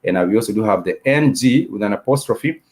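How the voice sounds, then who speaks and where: Low-voiced man teaching a language class. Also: expressive, darkish tone. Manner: repetitive, explanatory, many "uh" and "you know" fillers; spells out letters and repeats words slowly. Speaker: Swahili teacher. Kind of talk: live-stream language lesson.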